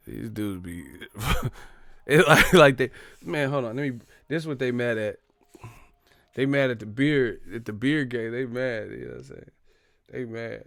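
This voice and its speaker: A man's voice: medium pitch, normal speed, dry recording. A man hosting a boxing live stream, ranting in a profane, joking, exasperated way. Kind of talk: casual live-stream rant.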